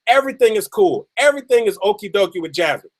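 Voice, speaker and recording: An emphatic man with a fairly high voice tells a story as a motivational speaker. He hammers phrases again and again for effect. He drags out the key lines slowly for drama. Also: expressive.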